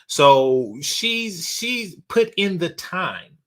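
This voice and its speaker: On his casual reaction commentary channel, a man talks in a blunt, rambling way, full of fillers and restarts. He has a high-pitched, sing-song voice and speaks very slowly.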